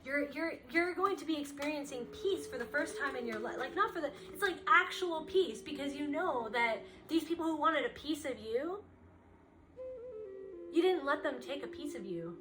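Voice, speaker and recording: A woman's voice: high voice, animated, normal speed, music in the background. A woman giving a spiritual card reading to the listener, impassioned and repetitive, circling back over her phrases as she speaks straight to them. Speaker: spiritual reader. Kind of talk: intuitive card reading to camera.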